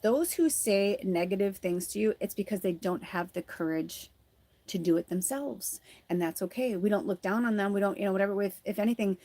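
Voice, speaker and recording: A woman's voice: mid-range voice, warm tone, no echo. Chatty woman giving a live card reading. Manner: chatty and rambling, thinking aloud; earnest, encouraging. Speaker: tarot reader and spiritual medium.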